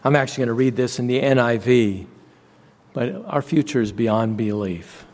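A man preaching a sermon, slow and deliberate, leaning on repeated phrases for emphasis. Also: medium pitch, a little mellow. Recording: long reverb.

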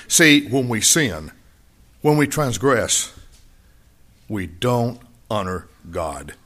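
A man preaching a sermon, repeating key phrases and swinging between loud high emphasis and quiet low asides. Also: big pitch swings, unhurried. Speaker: pastor.

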